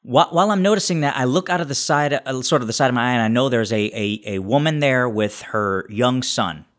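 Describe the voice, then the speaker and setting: A man playing a tabletop role-playing game, narrating his character's actions in a halting way with many restarts. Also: mid-range voice, a bit bright. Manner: halting, many restarts while describing scenes. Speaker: player.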